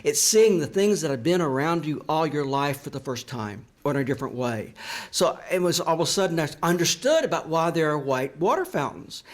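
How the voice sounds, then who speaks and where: Reflective older man, slightly high voice. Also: lively intonation, brisk. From American South. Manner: reflective, earnest, confessional. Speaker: author. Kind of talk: personal storytelling talk. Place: library event room.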